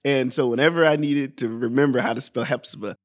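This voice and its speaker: A man's voice: mid-range voice, steady tone, fast. A young man from Georgia, a guest on a podcast, chatting casually and rambling a little as he tells his story with self-deprecating humor. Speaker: guest improviser.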